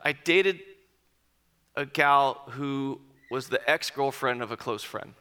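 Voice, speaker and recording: A man in his forties telling personal stories to an audience, lively at first and then quiet and reflective. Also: medium pitch, slow pace, clear, resonant tone. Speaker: speaker addressing an audience. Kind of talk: personal storytelling talk.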